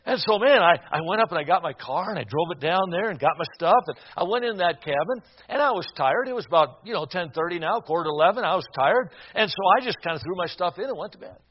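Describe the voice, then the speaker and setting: A man preaching, telling a personal story with earnest feeling and letting his voice drop soft and low for the sad parts. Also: expressive, quick pace, hardly any pauses, slightly rough. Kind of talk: sermon storytelling. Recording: dull lo-fi recording.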